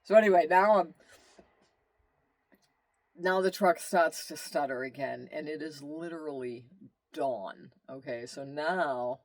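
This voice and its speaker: A man telling a long road-trip story in casual, rambling storytelling, animated, with asides and exclamations. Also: fairly high pitch, unhurried, long pauses, no room sound. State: tired. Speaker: vlogger telling his travel story.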